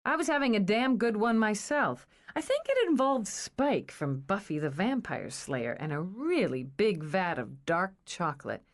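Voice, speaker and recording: A woman's voice: mid-range voice, sing-song, unhurried, hardly any pauses. A woman reading aloud, voicing a blunt, dry-humored young woman.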